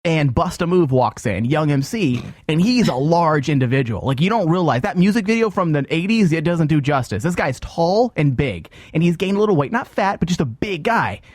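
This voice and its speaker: A man hosting a talk show, telling a story in casual chat, animated with quick restarts. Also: a little high, no room sound, clean studio sound. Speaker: show host.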